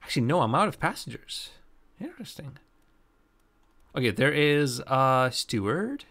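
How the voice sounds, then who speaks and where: A man's voice: mid-range voice, very animated, normal speed, a bit bright. A man streaming a game live, chatting casually with viewers and thinking aloud as he plays. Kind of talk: live gameplay commentary.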